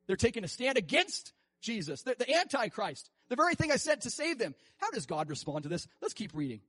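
A male preacher with a high, lively voice that swings widely as he acts out quoted voices and breaks into laughter. The sound is dry and close, with no room in it. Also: brisk, few pauses, no echo. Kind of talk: sermon.

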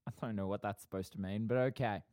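A man's voice: on the low side, steady tone, fast talker, warm tone, no room sound. A young man co-hosting a podcast, chatting playfully and laughing easily. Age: young adult. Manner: playful, laughing, good-humored. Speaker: podcast co-host. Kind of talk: casual chat.

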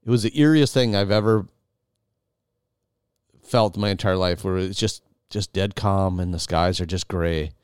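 A man's voice: low voice, a little slow, long pauses, clean tone, no room sound, clean studio sound. A man hosting, animatedly retelling a dramatic story to his wife with many restarts. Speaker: podcast host.

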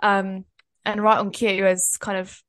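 A woman's voice: mid-range voice, flat delivery, a little slow, fairly bright tone. Bubbly chatty young woman co-host. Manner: bubbly, chatty, laughs often. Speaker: podcast co-host. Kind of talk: casual chat.

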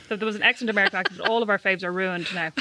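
A woman co-hosting a podcast, bantering quickly and teasingly in casual conversation. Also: mid-range voice, pushed and bright. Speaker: podcast co-host. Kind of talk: casual chat.

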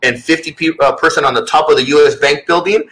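A man's voice: fairly high pitch, quick pace, fairly bright tone, rough recording. A man talking as a guest author in a casual interview, earnest and rambling, with many restarts.

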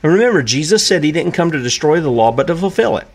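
A man's voice: a little high, big pitch swings, fast, slightly rough. A man preaching a sermon who asks his listeners rhetorical questions and acts out the characters in the stories he tells.

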